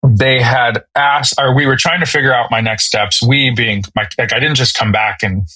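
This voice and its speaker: A man in his thirties, a podcast guest telling a personal story in a halting, emotional way with many fillers and restarts. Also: medium pitch, fairly even intonation, bright, forceful tone, no room sound, low-quality recording. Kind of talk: candid storytelling.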